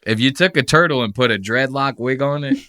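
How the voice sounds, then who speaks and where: A man hosting a podcast, reacting to clips in casual, profane commentary and mocking the people he quotes with quick impressions. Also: medium pitch, pushed and bright. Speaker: podcast host.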